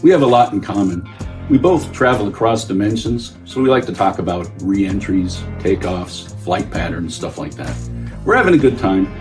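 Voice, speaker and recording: A man's voice: low voice, expressive, normal speed, a little mellow. A man playing a chatty dimension-hopping storyteller. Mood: amused. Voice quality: easygoing, chatty storyteller, playful. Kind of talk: comic anecdote. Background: faint guitar music.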